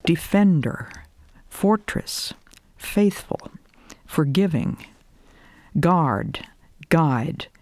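An older woman giving a devotional talk, telling a personal story and reciting names of God in an earnest, measured way. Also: deep voice, darkish tone, no room sound. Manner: earnest, measured, lists scripture names slowly. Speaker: Christian speaker.

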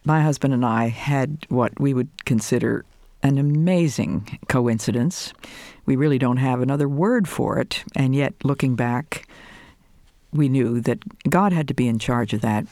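An older woman giving a devotional talk, telling a personal story and reciting names of God in an earnest, measured way. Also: a bass voice, warm tone, no echo, clean studio sound. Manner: earnest, measured, lists scripture names slowly. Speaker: Christian speaker.

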